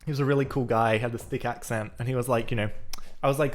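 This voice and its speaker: A man's voice: mid-range voice, fairly even intonation, quick pace. Man thinking aloud while live coding. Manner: thinking aloud, casual and chatty. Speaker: programming livestreamer.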